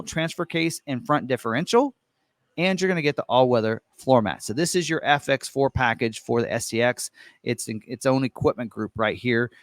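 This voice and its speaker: A man's voice: medium pitch, no room sound, clean studio sound. A man casually walking through vehicle options on a screen, talking loosely with many fillers and self-corrections. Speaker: truck ordering guide presenter. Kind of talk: casual walkthrough of an online configurator.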